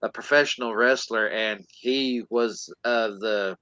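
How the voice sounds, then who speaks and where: A man recaps a movie plot on a podcast at an unhurried, drawn-out pace, now and then slipping into goofy character voices. His voice sits close and dry on the mic, with no room sound. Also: lowish voice, sharp tone, dry recording, dull audio. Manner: acts out characters in silly voices while retelling. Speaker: podcast co-host.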